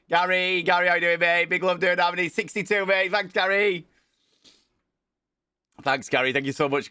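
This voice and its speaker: A streamer chats casually from home during a livestream, greeting viewers by name and swearing now and then. His bright, forceful, mid-range voice has a clean tone, though a worsening cold is audible. The sound is dry and close, with little room sound and no echo.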